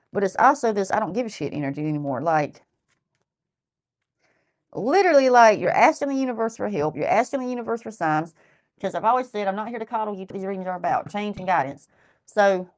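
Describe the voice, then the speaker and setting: A woman's voice: mid-range voice, darkish tone. Blunt woman giving a tarot reading. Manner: blunt, repeats herself, thinks aloud. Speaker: tarot reader.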